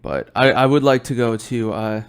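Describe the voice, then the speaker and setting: A young man hosts his own podcast alone, rambling loosely over a beer. He swears freely and yawns as he talks. His voice sits at an ordinary middle pitch. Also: normal speed, clear, resonant tone. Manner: rambling, swears often, yawning. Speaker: podcast host. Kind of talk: casual solo chat while drinking beer.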